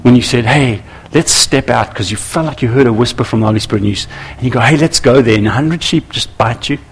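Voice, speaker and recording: A man preaching a sermon to church leaders, animated and acting out little scenes with voices. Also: medium pitch, quick pace, gravelly, a little hiss or hum. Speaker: pastor.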